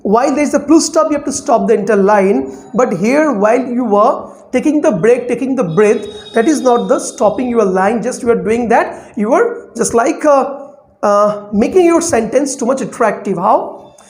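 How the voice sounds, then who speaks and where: A man's voice: extremely high pitch, animated, normal speed. Emphatic man coaching news reading, echoey room. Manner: emphatic, repeats points to drive them home. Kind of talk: spoken tutorial.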